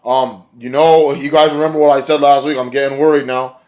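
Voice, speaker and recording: A man's voice: mid-range voice, fairly quick. A man talking through a wrestling recap in a loose, rambling way. He gets worked up and swears freely, and he often trails off or restarts his thoughts. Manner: rambling, excitable, profane. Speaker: wrestling reviewer. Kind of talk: casual wrestling recap vlog.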